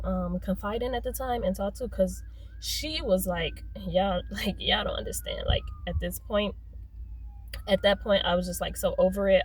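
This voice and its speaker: Young woman, casual storytime vlogger, rambling and halting, middle-pitched voice. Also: poor audio. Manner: rambling, full of "like" and "um", self-censoring curses.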